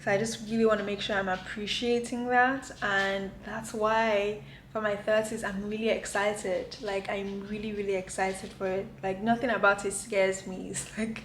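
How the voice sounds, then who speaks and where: A woman's voice: medium pitch, little pitch movement, normal speed, few pauses, fairly bright tone, far from the mic, a little hiss or hum. A woman in her late twenties talking casually to her camera at home, rambling with lots of filler words. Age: late 20s. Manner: rambling, filler-heavy, many "like"s. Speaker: vlogger. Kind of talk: casual vlog chat to camera. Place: home kitchen, indoors. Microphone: camera mic. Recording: roomy echoey room.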